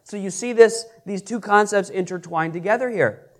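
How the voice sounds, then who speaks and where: A man leads a Bible study in a high, earnest voice. He pauses to put questions to the listeners and stumbles over repeated words. When he quotes scripture, his delivery swells with emphasis. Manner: earnest, repeats and restarts, reads scripture aloud with rising emphasis. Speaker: pastor teaching a Bible class. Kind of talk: interactive sermon with questions to the audience.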